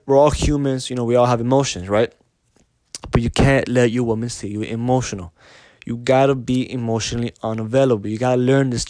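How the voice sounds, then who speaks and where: A man's voice: medium pitch, darkish tone, no echo. A man hosting his own advice show, talking off the cuff in a blunt, profane, repetitive way. He often restarts his sentences and keeps asking "you know what I mean.". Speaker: podcast host giving dating advice. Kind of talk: casual unscripted monologue.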